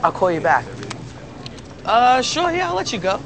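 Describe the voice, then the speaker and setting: A man's voice: very high voice, very animated, normal speed, background noise, full character voice. An actor playing a brash, cocky young man in a TV comedy clip, with faint ambience behind. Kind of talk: TV comedy-drama acting.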